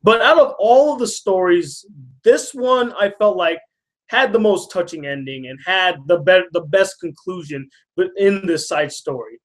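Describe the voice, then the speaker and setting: Excitable high-voiced man reviewing an episode. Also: unhurried. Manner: excited, rambling, acts out quotes. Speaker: host.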